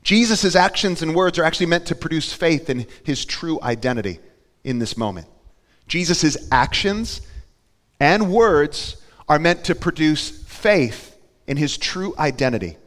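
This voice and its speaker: A man preaching a sermon, his voice set a little high for a man and ringing with a long reverb through a large church. He talks to the congregation conversationally, asks them questions and builds to loud, emphatic peaks. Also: animated, measured pace. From Florida. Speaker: pastor.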